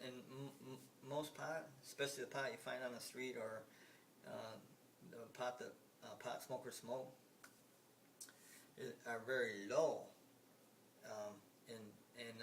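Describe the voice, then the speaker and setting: A man's voice: mid-range voice, a bit bright. A man in his sixties from the United States, rambling in a casual monologue with emphatic repetition, frequent restarts and the odd swear word. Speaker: vlogger. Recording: hissy, from some distance off the mic.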